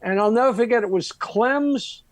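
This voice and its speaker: A man's voice: extremely high pitch, moderate pace, no room sound. A man from Long Island, a comedian guest telling a crude, brash anecdote. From Long Island, New York. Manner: brash, crude, mimics other people. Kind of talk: profane storytelling anecdote.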